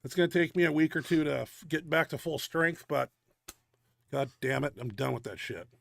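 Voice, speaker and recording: Middle-aged male host, out of breath, gravelly and profane, dry close sound. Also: a little high, moderate pace, dry recording. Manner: blunt, profane gym talk. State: winded and out of breath. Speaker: host of a powerlifting video show. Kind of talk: casual commentary over lifting videos.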